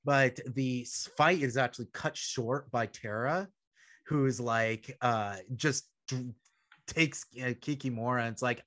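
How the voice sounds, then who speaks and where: A man's voice: mid-range voice, a little slow, a bit bright. Chatty man recapping a show. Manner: rambling, filler-heavy storytelling with laughs. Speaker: podcast host. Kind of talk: casual podcast recap chat.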